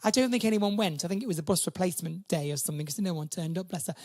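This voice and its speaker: A drag performer from the North East of England, doing camp, self-mocking stand-up banter between songs. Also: male voice, sits high, racing, few pauses, a little mellow, dry recording, clean studio sound.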